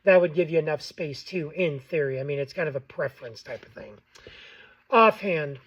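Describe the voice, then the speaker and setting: A man's voice: fairly high pitch, normal speed, a bit bright, slightly rough, dull audio. A man hosting a casual how-to tutorial, plain-spoken with frequent ums and okays. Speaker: game call maker and tutorial host.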